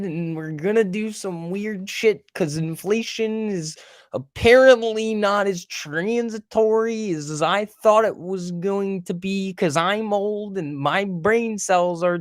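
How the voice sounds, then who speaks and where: A man putting on an impression of an elderly woman central banker, speaking slowly in a drawn-out, wavering way. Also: high voice, smooth, dry recording, studio quality, pitched above the performer's own voice. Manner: slow, drawn-out, wavering delivery.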